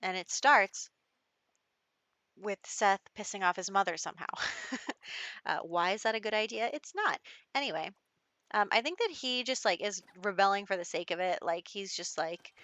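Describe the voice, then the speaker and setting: A bright, crisp young woman chatting casually through her gameplay commentary. She rambles with lots of fillers and sounds mildly exasperated. The recording is close and dry, with no room echo. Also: medium pitch, animated, moderate pace, pauses often. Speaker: gaming channel host. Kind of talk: casual let's-play commentary.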